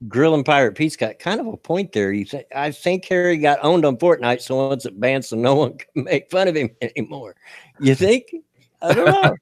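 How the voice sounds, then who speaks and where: A man's voice: medium pitch, lively intonation, normal speed, no echo. Folksy American male stream host, easygoing and giggly, dry and close. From United States. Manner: laughs easily, folksy and chatty. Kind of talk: casual live-stream chat.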